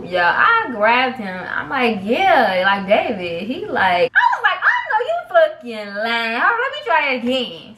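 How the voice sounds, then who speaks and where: A young woman in her twenties telling a casual storytime vlog, chatty and animated, acting out what people said and talking straight to her viewers. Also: mid-range voice, echoey room, a little hiss or hum. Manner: animated, acts out quotes, addresses viewers as "y'all". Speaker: vlogger.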